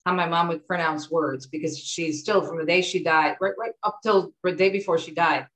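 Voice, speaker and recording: A middle-aged woman from the United States with a lowish voice talks as an interview guest. She tells stories in a lively, chatty way. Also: moderate pace, poor audio. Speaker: author and guest. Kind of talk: conversational interview.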